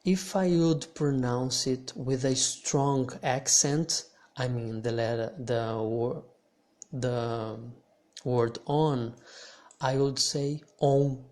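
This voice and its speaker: A man teaching pronunciation in English, patient and pausing with restarts. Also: mid-range voice, darkish tone. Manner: patient, hesitant restarts, repeats words for practice. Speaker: language teacher. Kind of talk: slow explanatory lesson.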